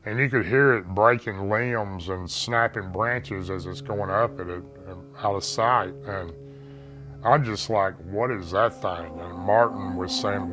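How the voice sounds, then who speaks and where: A man's voice: lowish voice, a little slow, fairly bright tone, faint music behind, poor audio. A man earnestly recounting a frightening night encounter as an eyewitness, rambling and restarting as he talks. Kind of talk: interview testimony, recounting an encounter.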